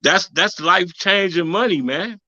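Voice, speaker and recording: Laid-back podcast co-host man, bright voice, dry, dull sound. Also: sits high, moderate pace, no echo. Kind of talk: casual chat.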